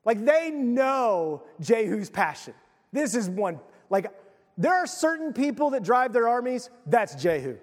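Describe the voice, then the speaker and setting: A man's voice: extremely high pitch, very animated, unhurried, long reverb tail. A male pastor giving a conversational sermon, retelling a story with casual asides.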